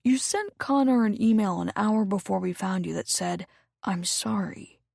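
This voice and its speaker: A woman voicing an excitable, anxious young man who gushes at his best friend, in an audiobook. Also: moderate pace, gravelly, dry recording, clean studio sound. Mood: earnest. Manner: high-pitched and gushing.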